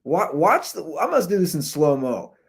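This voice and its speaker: A man hosting a podcast, giving animated, jokey commentary on viral videos through a computer's built-in microphone. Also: fairly high pitch, normal speed, breathy edge. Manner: animated, jokey, talks over clips. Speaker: podcast host. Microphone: computer's built-in mic.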